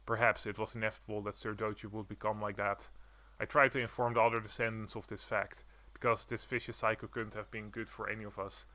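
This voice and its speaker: Count Dochi, a man reading as a squeaking noble mouse. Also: level tone, quick pace, few pauses, bright, forceful tone, no echo. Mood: solemn. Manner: stiff, old-fashioned formal speech with squeaks. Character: formal, courteous noble mouse creature, squeaking. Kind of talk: reading game dialogue aloud.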